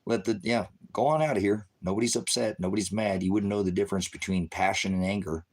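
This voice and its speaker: A man's voice: lowish voice, quick pace. A middle-aged man ranting on a livestream in a confrontational, sarcastic, preachy way, trading insults with viewers and calling them brothers and sisters. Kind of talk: heated livestream rant to viewers.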